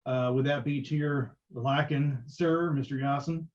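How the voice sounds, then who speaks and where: A man's voice: mid-range voice, steady tone, unhurried, natural voice. A man voicing a folksy, bossy male town official who talks in a loose drawl, in a tabletop game. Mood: polite. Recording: dull lo-fi audio.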